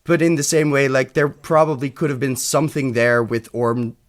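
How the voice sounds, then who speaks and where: A man's voice: medium pitch, moderate pace. A man from Europe co-hosting a podcast, giving a frank, sardonic film review in casual chat, swearing freely. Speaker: podcast co-host.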